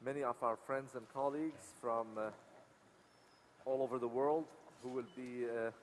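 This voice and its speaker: A man's voice: medium pitch, steady tone, normal speed, in a large hall, slight background noise. A man moderating a live conference session, inviting speakers politely with many small hesitations.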